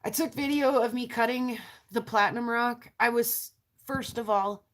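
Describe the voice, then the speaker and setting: Speaking at normal speed in a fairly high voice, this prairie woman rambles cheerfully to her audience about rockhounding, breaking into frequent laughter.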